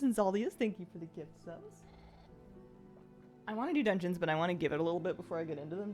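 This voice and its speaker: A woman live-streaming a game who chats casually, laughs often and coos at her pets in a high sing-song. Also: animated, fast, darkish tone, faint music behind.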